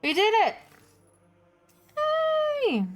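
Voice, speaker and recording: Lively, excitable woman streamer. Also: very high-pitched, drawn-out words, faint music behind. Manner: excitable, swears and laughs often. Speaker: game streamer. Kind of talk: casual live-stream chatter.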